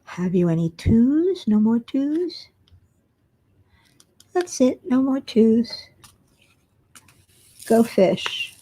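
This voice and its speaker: A woman's voice: a little high, sing-song, extremely slow, pauses often, warm tone. A tired woman hosting a casual crafting livestream, chatting and reading viewer comments aloud as she works. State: tired, yawning. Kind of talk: casual live chat with viewers.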